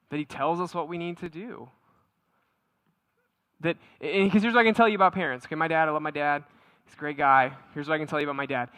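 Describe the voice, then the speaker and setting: A pastor preaching a conversational sermon, animated, often repeating words and asking the congregation questions. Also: male voice, fairly high pitch, no echo.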